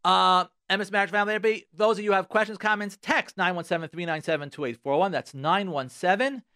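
A man's voice: high-pitched, steady tone, fast, bright, forceful tone, no room sound, clean studio sound. A man, a rabbi and marriage therapist, giving advice on the radio, emphatic and repetitive, with Hebrew and Yiddish words in his talk.

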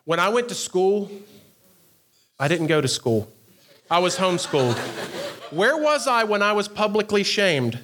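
A pastor with a high voice tells a story in a youth sermon. He is animated and laughs often, breaking off for quick asides to the students.

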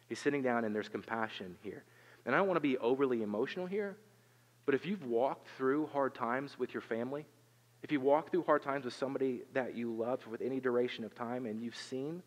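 Earnest preacher in an echoing hall. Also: male voice, mid-range voice, muffled recording. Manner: earnest, conversational preaching with rhetorical questions and repetitions. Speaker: pastor. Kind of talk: sermon.

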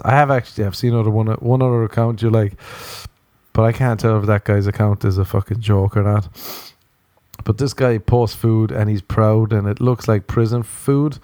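A man's voice: lowish voice, warm tone, no echo. Profane Irish man, dry close sound. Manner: profane, rambling, tangent-hopping. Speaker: podcast host. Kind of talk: rambling comedic monologue.

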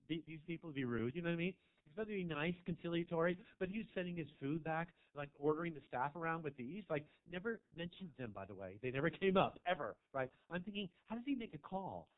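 A man from Marin doing a crude, camp stand-up set in a small club, rambling through a story with asides to the crowd. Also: fairly high pitch. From Marin County, California. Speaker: stand-up comedian. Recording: tinny, phone-like live club recording.

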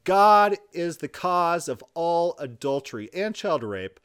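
A man's voice: fairly high pitch, big pitch swings, takes it slowly, hardly any pauses, a bit bright, clear, resonant tone. Sarcastic man mocking an opponent. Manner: mocking, sarcastic, mock-exasperated outbursts. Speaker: commentator. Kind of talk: sarcastic rebuttal commentary.

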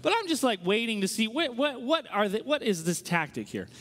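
Animated preacher man in a big hall. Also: high voice. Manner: animated, conversational storytelling with quick asides. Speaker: pastor. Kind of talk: sermon storytelling.

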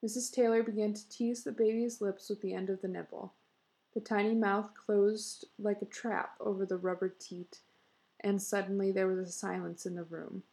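A woman reads a story aloud in a measured, expressive way. Her voice is mellow and dark, with a gravelly fry. Her delivery is steady and clear, like a storybook reading. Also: medium pitch, low-quality recording. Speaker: narrator. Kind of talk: storybook narration.

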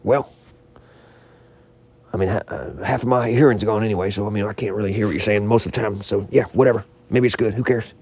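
A man bantering on a comedy podcast, rambling through absurd stories with a deadpan delivery. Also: on the low side, a little fast, gravelly, slightly rough, muffled recording.

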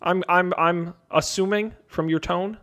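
A man playing a tabletop game, talking in character with an animated, smooth-talking manner. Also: high-pitched, unhurried. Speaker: player.

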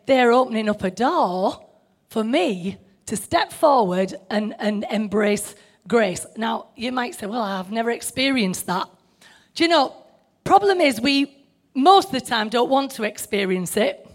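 An older woman preaching an informal sermon, chatty, laughing often and putting questions to her listeners. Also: a little high.

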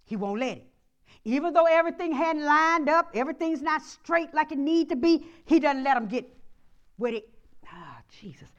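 Woman pastor, high voice, sermon delivery with call-and-response, soft to shouting. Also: expressive, normal speed, lo-fi sound.

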